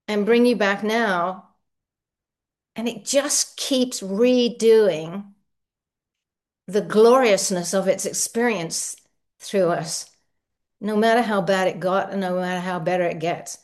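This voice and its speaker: A woman speaking at a recovery meeting, sharing her experience with frequent laughter and animated spiritual musing. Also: mid-range voice.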